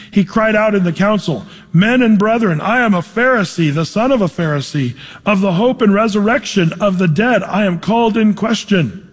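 A high-pitched male pastor teaching verse by verse in a church. His voice carries a long reverb off the hall walls, and he talks in a lively, conversational way, throwing questions out to the listeners. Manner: animated, conversational, asks the congregation questions. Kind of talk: expository Bible teaching.

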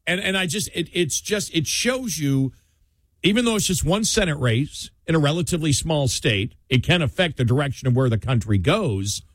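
A man's voice: on the high side, animated, normal speed, no echo. Man hosting talk radio, dry sound. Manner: rambling, many restarts and fillers, incredulous. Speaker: radio talk show host. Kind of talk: political talk radio chat.

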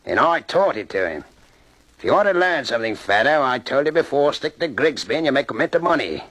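An actor playing a boastful, hearty master thief in 1940s radio acting. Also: male voice, mid-range voice, big pitch swings, fairly quick, a bit bright. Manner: hearty, laughing, bossy and boastful. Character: boastful gravelly male master thief, middle-aged.

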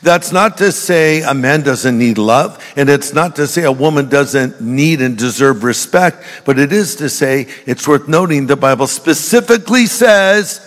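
Older male pastor with a joking delivery, a touch high, preaching in a reverberant church hall. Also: lively intonation, measured pace, few pauses. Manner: humorous storytelling, jokey asides to the congregation. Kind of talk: sermon.

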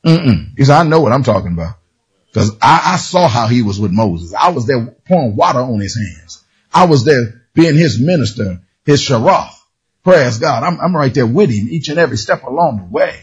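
A man preaching a lively sermon, telling a story in character and calling out to his congregation. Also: mid-range voice, normal speed, husky, low-quality recording. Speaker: pastor.

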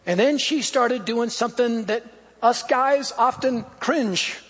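A man's voice: extremely high pitch, takes it slowly, a bit bright. A man preaching a sermon, telling stories and urging his listeners with punchy lists. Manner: storytelling, exhorting, punchy lists. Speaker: pastor. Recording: echoey hall.

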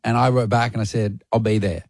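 A man's voice: lowish voice, brisk, creaky, no room sound. A man hosting breakfast radio, telling a story in a casual chat and acting out the voices of the people in it. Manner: animated, acts out quotes. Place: radio studio.

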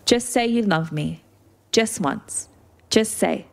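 A woman's voice: mid-range voice, lively intonation, slow pace, creaky. A woman reading a bitter young woman who seethes and hiccups as she pleads.

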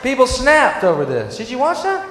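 Sardonic high-voiced comic in an echoey hall. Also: male voice, huge pitch swings, moderate pace, crowd noise. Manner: sardonic, swings from mutters to shouted rants. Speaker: stand-up comedian. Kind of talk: stand-up comedy. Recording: echoey hall with faint noise.

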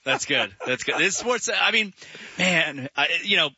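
Bright, husky-voiced male radio host. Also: a little high, expressive, measured pace, no room sound. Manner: rambling, restarts sentences. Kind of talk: casual sports radio chat. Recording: dull lo-fi broadcast sound.

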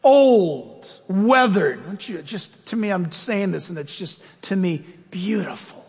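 A male pastor preaching a sermon with animated delivery, moving between loud raised bursts and low quiet asides. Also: slow, breathy edge. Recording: long hall reverb.

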